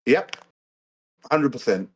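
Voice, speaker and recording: A man's voice: medium pitch, animated, takes it slowly, husky. A man speaking as a guest on a live stream, friendly and easygoing, with casual slang. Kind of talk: casual livestream chat.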